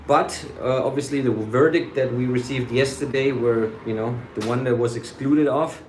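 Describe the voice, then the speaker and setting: A man's voice: mid-range voice, normal speed, darkish tone, a little hiss or hum. A man in a casual, rambling vlog monologue, swearing freely and dropping German phrases. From United States. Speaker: vlogger. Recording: echoey room.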